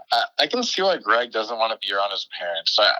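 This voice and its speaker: A man's voice: on the low side, pushed and bright, poor audio. A man who is a guest on a comedy podcast, giggly and rambling in casual banter.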